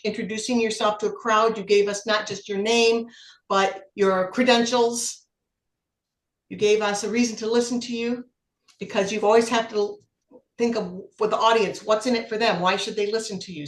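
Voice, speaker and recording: Woman giving speech feedback, echoey room. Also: medium pitch. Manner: encouraging, apologetic when corrected. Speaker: general evaluator at a speaking club meeting.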